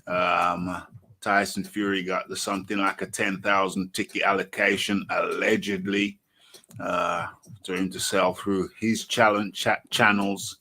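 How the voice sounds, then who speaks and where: A man hosting a live online boxing talk show, animated and thinking aloud as he searches. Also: deep voice, measured pace. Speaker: host.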